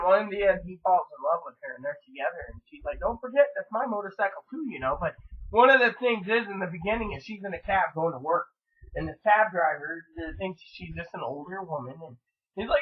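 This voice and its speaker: Man, minister, rambling casual vlog chat, slightly high husky voice, tinny phone-like audio. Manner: rambling, jumps between topics. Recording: distant tinny phone-like sound.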